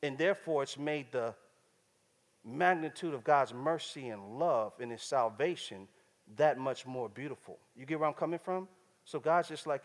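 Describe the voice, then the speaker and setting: A man's voice: mid-range voice, lively intonation, moderate pace, big-room sound. A man preaching a sermon in a casual, slangy, conversational way, often checking in with the crowd.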